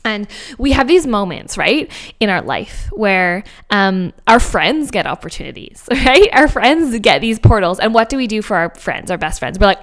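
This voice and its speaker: A woman hosting a podcast, telling a personal story in an animated, emphatic way with fillers and laughs, recorded at a home office mic. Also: medium pitch, normal speed. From Canada. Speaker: podcast host. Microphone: home office microphone.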